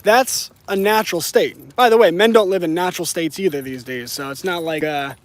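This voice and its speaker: A high-voiced man delivers a preachy vlog monologue outdoors as he walks his dog. He repeats himself often and keeps checking in with "right?". The sound is a casual phone recording out on the street. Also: a little fast. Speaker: channel host. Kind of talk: casual talk to camera while walking the dog.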